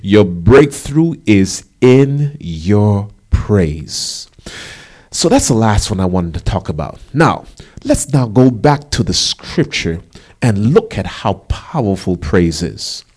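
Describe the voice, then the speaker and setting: Man, pastor, somewhat low pitch, animated sermon, emphatic asides.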